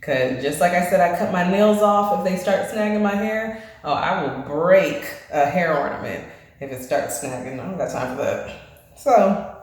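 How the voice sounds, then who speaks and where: A woman vlogging about her hair in a chatty, conversational way, a little out of breath. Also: sits low. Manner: chatty and conversational, full of fillers. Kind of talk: casual chat. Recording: very echoey room, faint music.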